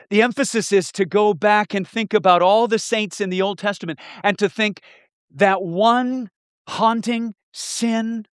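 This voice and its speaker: Male preacher, slightly high voice, emphatic and repetitive, dry close recording. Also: no echo. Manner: emphatic, repeating key phrases, swinging from loud to hushed. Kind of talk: sermon.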